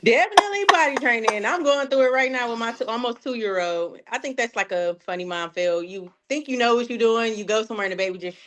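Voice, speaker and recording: A woman's voice: fairly high pitch, quick pace, hardly any pauses, background noise. Chatty woman in her thirties. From Detroit, USA. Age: 30s. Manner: chatty, full of fillers and acted-out quotes. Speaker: podcast guest. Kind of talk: casual chat.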